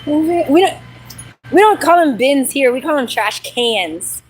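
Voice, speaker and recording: A woman, chatting casually on a live stream from a trail while out walking, lively and laughing often. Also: sits high, unhurried, a little hiss or hum, low-quality recording. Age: 40s. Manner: chatty, animated, laughs often, reads viewer comments aloud. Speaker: livestream host. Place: outdoor trail on a dog walk.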